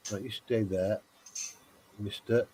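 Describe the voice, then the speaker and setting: A man's voice: fairly low pitch, steady tone, takes it slowly, mellow, breathy edge, no room sound. A man hosting a casual live stream who mutters to himself at his work while he chats.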